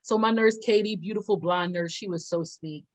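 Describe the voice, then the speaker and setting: A young adult woman co-hosting a podcast, telling a story in a lively way and acting out the quotes. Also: lowish voice, moderate pace, poor audio. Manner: animated storyteller, acts out quotes with loud laughs. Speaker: podcast co-host. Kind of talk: casual storytelling chat.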